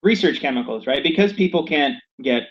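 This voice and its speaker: A man from Saint Louis rambles through a joking podcast chat in a fairly high voice, jumping into excited voices for his stories. The sound is muffled and lo-fi, taped inside a yurt. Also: fairly quick. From Saint Louis, USA. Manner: animated, rambling, acts out quotes in high voices. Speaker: podcast co-host. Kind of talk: casual comedic chat. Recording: lo-fi, dull recording.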